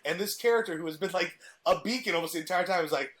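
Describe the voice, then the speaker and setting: A man's voice: high-pitched, fast talker, a bit bright. A man in casual podcast chat, eagerly retelling a TV plot with frequent restarts. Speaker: podcast guest presenting a TV villain.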